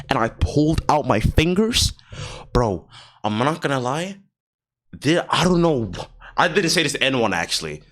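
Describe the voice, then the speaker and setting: A man's voice: medium pitch, a bit bright. A young man vlogging a casual storytime, slangy and profane, laughing often and sometimes dropping to a near-whisper.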